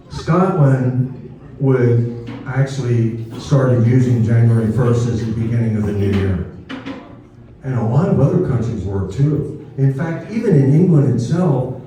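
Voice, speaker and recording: A man's voice: medium pitch, warm tone. A man giving an informal, chatty history talk to a live audience, often checking in with "okay?". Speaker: history speaker. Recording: distant, very echoey room.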